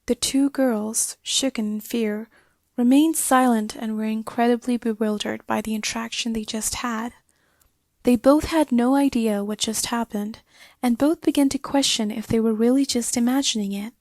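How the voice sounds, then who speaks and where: A woman narrating a scripted horror story, often dropping to a hushed, slow, whispery delivery. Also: on the high side, steady tone, dry recording. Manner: hushed, slowing to whispery dread.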